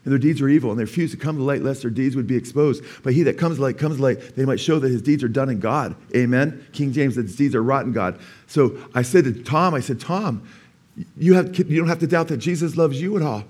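A male pastor giving a sermon, telling a story in an animated way and rising to emphatic preaching, with calls of "amen?" to the congregation. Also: medium pitch, fast. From California.

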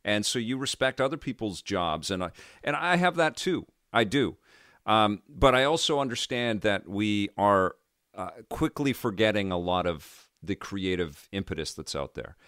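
A man's voice: lowish voice, expressive, moderate pace, a bit bright, dry recording, studio quality. A man hosting a casual conversation, speaking earnestly and reflectively, often agreeing with his guest.

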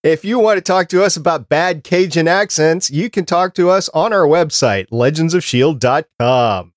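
A man's voice: fairly high pitch, normal speed, no echo, studio quality. A man hosting a podcast in casual chat, reading out dates and lists in a talkative way. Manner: chatty, reads out dates and lists. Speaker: podcast host.

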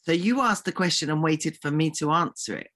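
A man's voice: on the high side, brisk, fairly bright tone. A man co-hosting a podcast in playful banter, mock-outraged and fond of theatrical, old-fashioned insults. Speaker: podcast co-host.

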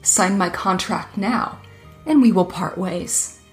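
A woman voicing a cunning male dragon in a storybook reading, speaking smoothly and smugly. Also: medium pitch, slow, faint music behind, close to an everyday voice. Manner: smooth and smug.

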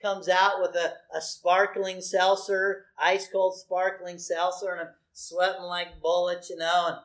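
Sixties guy pastor preaching, animated, chatty, keeps asking the crowd stuff. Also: sits high, a little slow. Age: 60s. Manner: animated, conversational preaching with asides to the congregation. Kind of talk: sermon.

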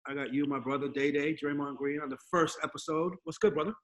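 A man hosts a casual podcast by video call, talking in a slightly high voice. He tells stories with lots of energy and acts out other people's lines as he goes. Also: quick pace. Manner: animated storyteller, acts out quoted voices. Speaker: podcast host. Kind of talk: casual remote podcast chat.

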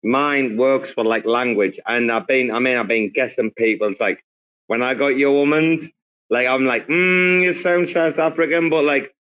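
A man's voice: mid-range voice, moderate pace, a bit bright, muffled recording. A man from England hosting a casual group chat, rambling with lots of fillers and restarts. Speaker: host. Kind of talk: casual group chat on a live audio space.

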